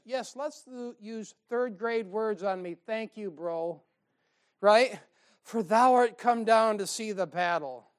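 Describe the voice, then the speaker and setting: A man's voice: high-pitched, takes it slowly, smooth. Male preacher, conversational sermon, sarcastic and wry, peppers it with rhetorical questions and scripture reading.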